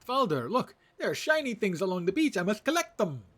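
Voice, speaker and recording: A man voicing a young ratonga who wants to be a pirate, high and excited, with broken grammar. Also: a little fast. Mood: eager. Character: young male ratonga would-be pirate, eager.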